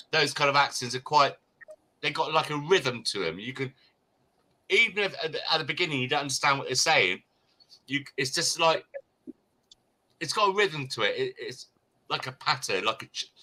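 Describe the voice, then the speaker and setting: A man's voice: medium pitch, sharp tone. A man from the United Kingdom in casual group chat, talking in a rambling way with frequent restarts. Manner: chatty, rambling with many restarts.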